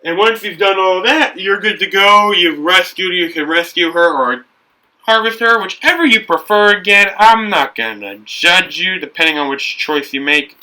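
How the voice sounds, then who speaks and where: Young man, casual rambling talk, slightly high voice, set back from the mic. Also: expressive, moderate pace, bright, forceful tone, far from the mic, low-quality recording. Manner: rambling, self-correcting, upbeat. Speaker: brick builder and video host. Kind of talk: casual talk while building.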